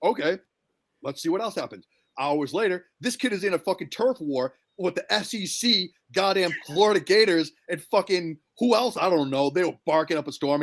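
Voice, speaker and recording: A young man co-hosting a podcast spins a long, crude party anecdote, full of swearing and asides. His voice sits a little high for a man. He talks in loose, casual chat. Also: expressive, brisk, fairly bright tone. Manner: profane, rambling anecdote telling. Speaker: podcast co-host.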